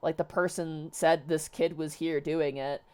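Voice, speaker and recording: A woman's voice: sits low, fairly even intonation, a little slow, a little mellow, clean tone. A young woman host telling a personal story in casual chat, rambling with many fillers and restarts. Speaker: streamer host.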